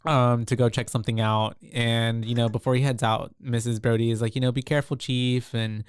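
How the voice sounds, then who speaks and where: Podcast co-host, smooth voice, dry close sound, rambling casual recap. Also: mid-range voice, level tone, brisk, no room sound. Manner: rambling, full of fillers. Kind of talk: casual movie recap chat.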